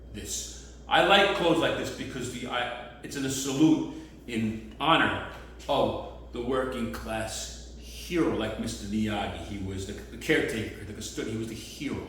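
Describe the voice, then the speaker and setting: A man rambling through a loose stand-up routine out on the street, with sudden loud bursts. He is heard from a distance, in a very echoey space with faint background noise. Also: lowish voice. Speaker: street comedian. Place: outdoors on the street.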